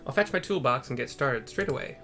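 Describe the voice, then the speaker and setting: A man's voice: medium pitch, lively intonation, brisk, sharp tone, soft background music. A man voicing a young, slight, proud male archer in a game, light and self-assured. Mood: businesslike.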